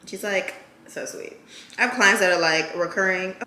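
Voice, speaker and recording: A woman's voice: mid-range voice, moderate pace, pushed and bright. A young woman, chatting casually to her viewers in a home vlog. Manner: chatty, talks to viewers as y'all. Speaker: vlogger. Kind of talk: casual vlog chat to camera. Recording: echoey room with kitchen clatter.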